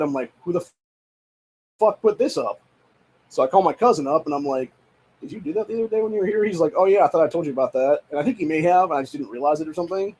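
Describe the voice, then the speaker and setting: A young man hosts a podcast from home, delivering a casual rant that is profane, exasperated, and full of repetition. His voice is husky and on the high side.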